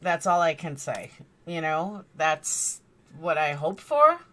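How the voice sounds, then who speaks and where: A woman's voice: low voice, sing-song, slow, a bit bright. A middle-aged woman hosting a casual live stream from her bedroom, rambling and chatting while greeting viewers by name. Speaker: true crime streamer. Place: bedroom lit by a screen.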